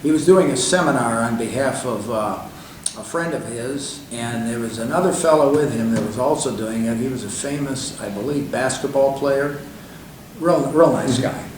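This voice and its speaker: A man's voice: medium pitch, normal speed. An older man, a guest in an interview, telling long anecdotes in a loose, conversational way with many fillers and restarts. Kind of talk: rambling anecdotal storytelling. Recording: echoey room, distant mic, faint hiss.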